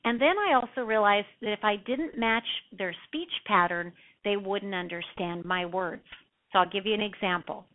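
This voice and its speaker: A woman teaching real estate sales, a self-described fast talker with a punchy, emphatic delivery. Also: medium pitch. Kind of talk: instructional talk. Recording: tinny phone-like sound.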